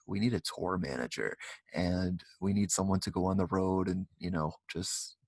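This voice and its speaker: A man's voice: deep voice, normal speed, darkish tone, dry recording. A man hosting a casual interview, rambling with lots of filler phrases. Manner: rambling, many "you know" fillers. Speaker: talk show host.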